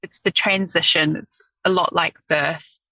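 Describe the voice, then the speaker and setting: A woman's voice: lowish voice, fairly even intonation, unhurried, bright, forceful tone, dry recording, highs cut off. A middle-aged woman, a podcast guest, speaking openly and reflectively about her personal life, with frequent ums. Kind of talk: candid personal storytelling.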